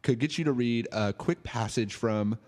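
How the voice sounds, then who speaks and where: A man hosts a relaxed radio interview at an ordinary middle pitch. He asks his questions in a friendly way and gently teases his guest. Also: normal speed, in a large hall. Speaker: radio host.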